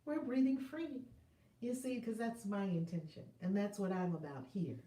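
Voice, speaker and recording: A woman life coach telling a personal story as advice, animated and playful, with affectionate asides to her viewers. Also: medium pitch, normal speed, reverberant, distant mic.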